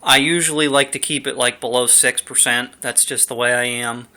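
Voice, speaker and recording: A man's voice: mid-range voice, fairly even intonation, normal speed, sharp tone. A young man casually reviewing a beer at home, rambling and chatty with lots of fillers, recorded on a camera mic.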